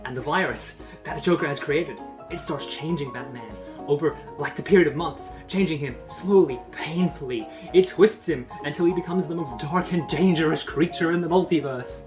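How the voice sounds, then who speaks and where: A woman's voice: low-pitched, normal speed, hardly any pauses. A woman giving a casual comic book review in a sarcastic, rambling, profane manner. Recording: voice over background music.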